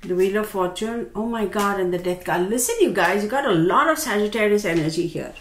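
Woman doing a tarot reading, talks right at you, chatty and expressive, echoey room with a little hiss. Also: medium pitch, a little fast. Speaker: tarot reader. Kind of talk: casual tarot reading monologue. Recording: roomy with faint background noise.

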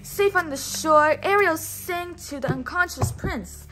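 High-voiced woman reading a storybook aloud. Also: measured pace, music in the background. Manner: patient, prompting the listener to repeat words. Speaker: teacher.

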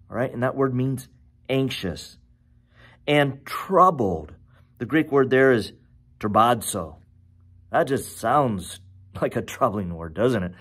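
A man preaching a sermon as pastor, with animated, conversational storytelling and questions to his listeners. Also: medium pitch, slow, long pauses, husky. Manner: animated storytelling, self-correcting.

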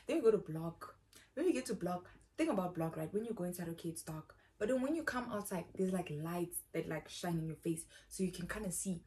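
A woman's voice: on the low side, animated, fairly quick, mellow, slight background noise. Rambling young South African woman. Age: young adult. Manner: rambling, slangy, says "bro" often. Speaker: YouTuber. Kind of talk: casual storytime.

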